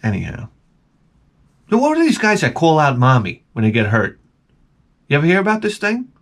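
A middle-aged man rambles through stories in a casual vlog monologue. He swears freely, and his pitch swings up and down all the time. His voice sits a bit high for a man. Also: normal speed. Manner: rambling, profane, animated storytelling. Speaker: vlogger.

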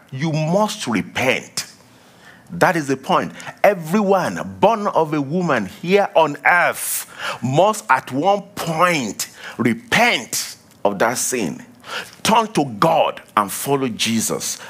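A male preacher delivering a sermon, emphatic, repeating key lines and dropping to a low hush for warnings. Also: big pitch swings, slow pace, breathy edge.

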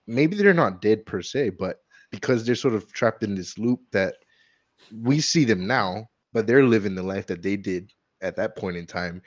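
Deep-ish male co-host, casual and slangy, dull lo-fi recording. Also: lively intonation, normal speed. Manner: laughing, slangy, says dude often. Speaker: podcast co-host. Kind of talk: casual chat about ghost stories. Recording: dull lo-fi sound.

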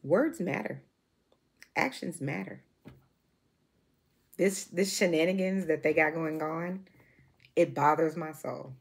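This woman in her forties, a vlogger, delivers an emotional monologue to camera with lots of emphasis, repetition, and restarted sentences. Her low, gravelly voice has a breathy edge, and she moves at a slow pace, pausing often.

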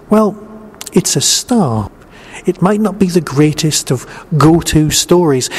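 A man's voice: on the high side, darkish tone. A man hosting a podcast, giving a chatty review and asking and answering his own questions. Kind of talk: spoken audio review. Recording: reverberant room with faint noise.

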